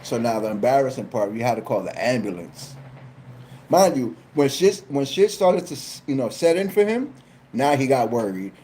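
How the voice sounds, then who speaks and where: Animated New man telling a story. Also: medium pitch, normal speed, a little hiss or hum. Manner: animated, profane, repeats phrases. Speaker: live streamer. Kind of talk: casual comedic storytelling.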